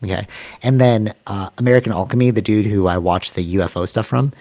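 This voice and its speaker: A man with a lowish voice talks through ideas in a relaxed podcast chat. He rambles and circles back, acting out little quotes as he goes. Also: a little fast. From Canada. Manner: rambling, animated storytelling with acted-out quotes. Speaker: podcast co-host. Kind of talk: casual chat.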